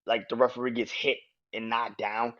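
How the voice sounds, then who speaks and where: A man hosting a podcast, casually reviewing a wrestling match in a profane, animated way. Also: medium pitch, moderate pace. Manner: animated, profane, acts out quotes in raised voices. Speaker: podcast host. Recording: dull lo-fi audio.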